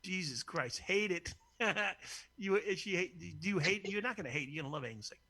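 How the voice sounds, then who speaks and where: Man, crude casual chat host, bright forceful tone, husky, rather high-pitched. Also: animated, a little fast. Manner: brash, profane and joking, laughs often.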